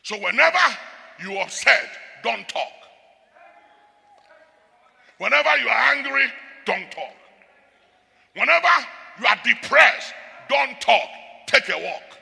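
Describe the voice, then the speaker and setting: A high, very sharp male voice with heavy gravel in it, rising and falling widely as he preaches. He drops low and soft, then bursts out into shouts. The sound rings out with a long reverb, as in a large church hall. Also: animated, slow pace, long pauses. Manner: swings from quiet to shouting; speaks in tongues. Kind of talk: sermon.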